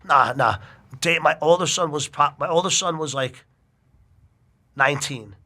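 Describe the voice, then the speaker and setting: A middle-aged man telling a long personal story in casual chat, animated and full of swearing. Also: on the high side, a little slow.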